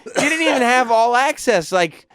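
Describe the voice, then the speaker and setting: A talk show host riffs on his guest's story with quick, joking comebacks. His voice sits high for a man and moves around a lot. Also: expressive, background noise. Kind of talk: casual studio chat.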